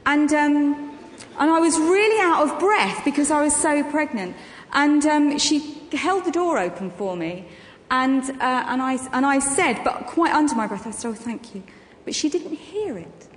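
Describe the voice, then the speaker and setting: A woman telling anecdotes on stage in an interview, full of ums and quick laughs. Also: high-pitched, lively intonation. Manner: chatty anecdotal storytelling with frequent ums and laughs. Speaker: guest actress and comedian. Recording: echoey hall with long reverb, faint ambience.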